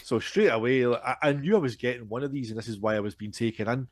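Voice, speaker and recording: A man, telling a lively, self-deprecating story on a casual podcast. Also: medium pitch, fast talker, no echo, studio quality. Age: 40s. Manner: animated, self-deprecating, frequent restarts and laughter. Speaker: podcast co-host.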